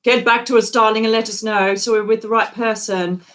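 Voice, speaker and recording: A woman's voice: fairly high pitch, fairly even intonation, brisk. Chatty woman giving psychic readings. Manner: warm, calls viewers darling, chatty. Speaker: psychic medium host. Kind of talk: live psychic reading chat.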